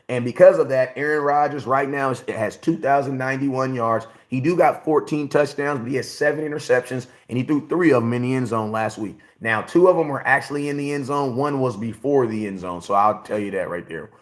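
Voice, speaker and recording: A man's voice: medium pitch, fairly bright tone. Blunt forty-year-old man ranting to chat. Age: 40s. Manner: blunt, repetitive, talks straight to chat. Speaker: sports livestream host. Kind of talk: casual livestream commentary.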